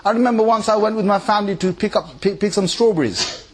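An adult man, married with three kids, preaches an informal sermon to a live audience in a voice that sits high and moves quickly. He's animated, imitating people and putting questions to the crowd.

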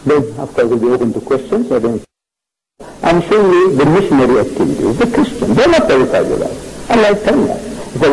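A man's voice: on the high side, very animated, fast, background noise. A man giving a public lecture, emphatic, repeating key phrases and telling stories with quoted dialogue. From South Africa. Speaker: Islamic lecturer. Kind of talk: public lecture with audience questions.

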